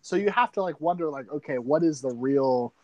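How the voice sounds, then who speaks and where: Easygoing man, slightly high, dry sound. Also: lively intonation, a little fast, mellow, no room sound, muffled recording. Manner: easygoing, hesitant, many fillers and restarts. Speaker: podcast guest. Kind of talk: casual film discussion.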